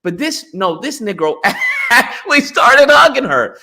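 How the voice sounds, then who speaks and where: A man's voice: very high-pitched, unhurried, vocal fry. A man in casual podcast chat, telling stories animatedly and acting out what others said. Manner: animated storytelling, acts out quoted voices. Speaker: guest.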